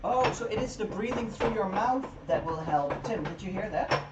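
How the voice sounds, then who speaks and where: A woman's voice: mid-range voice, animated, normal speed, lo-fi sound, heavy background noise. Chatty woman cooking, echoey kitchen. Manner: chatty, reads chat aloud, laughs easily. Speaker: livestream co-host. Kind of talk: casual chat while cooking. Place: home kitchen. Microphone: distant room mic. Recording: echoey kitchen from far off, clattering pans.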